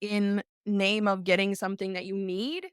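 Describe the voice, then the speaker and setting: A woman's voice: medium pitch, fairly even intonation, moderate pace, smooth, no echo, studio quality. A middle-aged woman hosting a podcast, speaking earnestly and tearfully in a reflective live talk, repeating phrases for emphasis. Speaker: podcast host.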